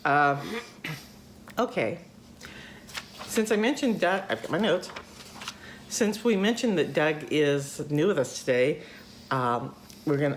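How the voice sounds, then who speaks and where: A woman's voice: extremely low pitch, a little hiss or hum. An older woman hosting a casual chat, talkative, laughing often and acting out voices in her stories. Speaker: host.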